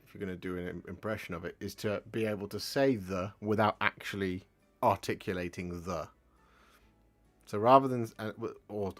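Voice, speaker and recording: A deep-voiced man from the English Midlands, with the region's accent, hosts a casual live stream. He chats and rambles, and warmly thanks his viewers.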